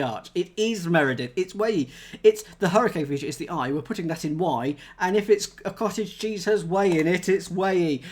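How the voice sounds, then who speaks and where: A man's voice: on the high side, a little mellow. A man thinking aloud as he solves a cryptic crossword live, chatting with viewers and laughing at himself. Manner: chatty, reads chat aloud, self-mocking laughs.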